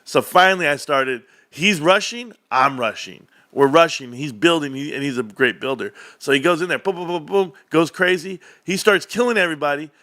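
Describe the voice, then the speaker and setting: This man, whose voice sits on the high side, chats casually as a livestream host at a moderate pace with hardly any pauses. He's an animated storyteller who acts out the voices of people in his stories, and the recording is dry.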